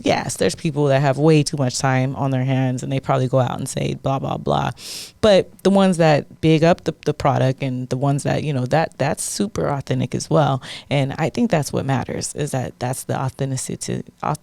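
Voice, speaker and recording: Gravelly-voiced woman, chatty co-host. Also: extremely low pitch, normal speed, dry recording. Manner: animated, fillers like "like" and "you know what I mean". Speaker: podcast co-host. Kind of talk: casual chat.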